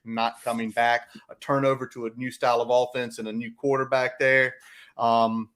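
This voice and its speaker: A man's voice: mid-range voice, a bit bright. A man hosting a casual sports podcast, brash and emphatic with his opinions. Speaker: podcast host.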